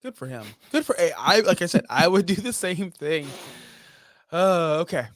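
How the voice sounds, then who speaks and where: A man's voice: sits high, expressive, moderate pace. A young man co-hosting a casual wrestling podcast, blunt, profane and full of strong opinions. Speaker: podcast co-host.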